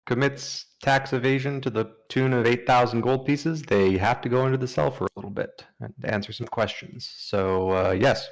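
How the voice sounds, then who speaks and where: A man's voice: medium pitch, fairly even intonation, normal speed, hardly any pauses. A man playing a tabletop game, talking in a laid-back way with hesitant fillers. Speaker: player. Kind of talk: casual tabletop game chat.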